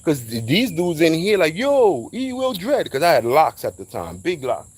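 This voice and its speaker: A man telling a casual, animated story in slang, acting out quoted voices along the way. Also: a little high, normal speed, slightly rough.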